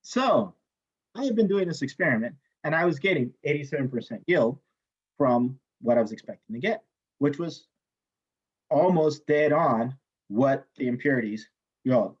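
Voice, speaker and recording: A man teaching a chemistry class, telling a story in an animated way, swearing freely and acting out the people he quotes. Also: mid-range voice, normal speed, breathy edge. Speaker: chemistry instructor. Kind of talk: lecture with personal story. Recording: dull lo-fi classroom recording.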